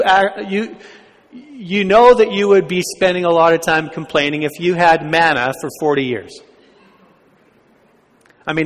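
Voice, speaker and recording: A man's voice: on the high side, a bit bright. Conversational male pastor in a reverberant hall. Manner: conversational, asks the congregation questions. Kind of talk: sermon.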